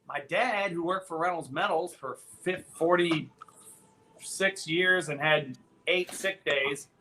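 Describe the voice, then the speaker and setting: A man in his fifties tells a childhood story on his podcast in a casual, profane style. He is animated and keeps dropping into voices. His voice sits high and sounds bright and forceful. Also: takes it slowly, a little hiss or hum. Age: 50s. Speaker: podcast host.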